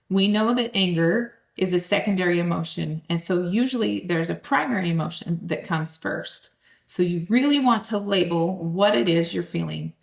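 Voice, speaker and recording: A woman, possibly in her thirties, calmly teaching step-by-step steps and speaking straight to the listener. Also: mid-range voice, vocal fry. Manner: calm, direct, speaks to the listener. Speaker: host.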